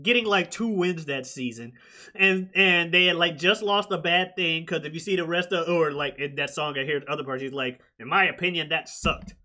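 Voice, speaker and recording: A man co-hosting a podcast in casual chat, laughing often and mimicking others. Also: normal speed. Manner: animated, laughing, imitates athletes in high voices. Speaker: podcast co-host.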